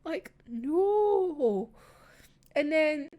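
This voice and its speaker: Chatty, animated Scottish young woman. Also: high voice, extremely slow. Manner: animated, gushing, swears freely. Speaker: manga reviewer. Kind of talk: casual chat.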